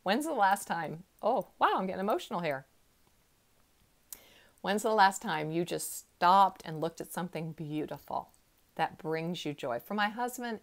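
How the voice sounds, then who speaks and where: A woman in her sixties, a counselor, gently guiding a slow relaxation exercise from a chair in her counseling room. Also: lowish voice, creaky. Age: 60s. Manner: gentle, unhurried, soothing guidance. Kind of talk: guided relaxation talk.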